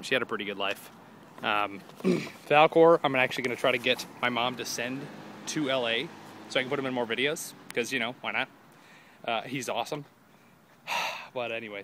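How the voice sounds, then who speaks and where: Young male vlogger, mid-pitched, casual and jokey, phone mic outdoors, faint street noise behind. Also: steady tone, quick pace, pushed and bright. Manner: rambling, jokey, with mock quoted voices. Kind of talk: casual vlog chat. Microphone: phone held at arm's length.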